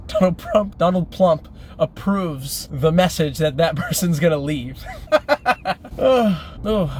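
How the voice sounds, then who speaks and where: A man's voice: fairly high pitch, a little hiss or hum. A man telling a casual story-time anecdote in a chatty way, laughing as he goes. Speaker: vlogger.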